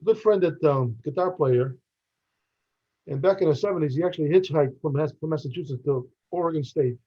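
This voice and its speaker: A man's voice: a little high, a little fast, slightly rough. A middle-aged man co-hosting a podcast, telling rambling anecdotes full of restarts and laughs. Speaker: podcast co-host. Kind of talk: casual chat, storytelling. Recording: dull lo-fi sound.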